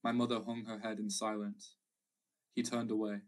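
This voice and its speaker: Low, flat-voiced male narrator. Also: far from the mic. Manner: measured, reflective, slow pauses. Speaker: audiobook narrator. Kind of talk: literary audiobook narration.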